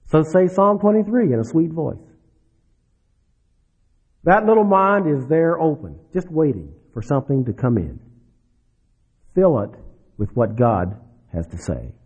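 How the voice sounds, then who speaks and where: Husky-voiced man preaching with dramatic swings. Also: a little high, big pitch swings, unhurried, long pauses. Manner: dramatic, swings between soft drops and rising emphasis. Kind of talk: sermon. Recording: dull lo-fi recording.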